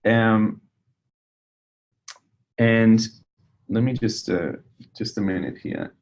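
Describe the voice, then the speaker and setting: A man's voice: on the low side, very animated, a little slow, vocal fry, darkish tone, a little hiss or hum. A man presenting a webinar in a conversational way, a counselor who talks with fillers and restarts. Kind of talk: casual webinar teaching.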